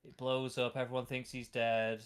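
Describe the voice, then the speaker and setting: A man's voice: mid-range voice, level tone, normal speed, a crowd in the background. A man co-hosting a podcast, ranting bluntly with lots of swearing. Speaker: podcast co-host. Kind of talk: casual chat.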